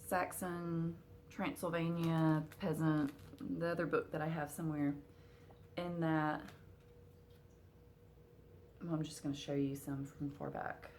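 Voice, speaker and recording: A cross-stitch vlogger with a low, darkish voice chats casually to her camera at home, speaking a little slowly with a flat delivery and frequent fillers. She hiccups now and then, and faint noise hums beneath the recording.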